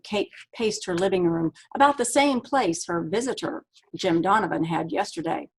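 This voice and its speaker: A woman author reading aloud from her own novel in a steady, measured way. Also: medium pitch, slightly rough, poor audio.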